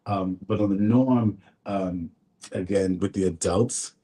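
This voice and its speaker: Low mellow-voiced man telling his story. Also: slow. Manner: storytelling, earnest, faith-filled. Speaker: fashion designer and guest. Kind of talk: radio talk show interview. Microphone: studio mic.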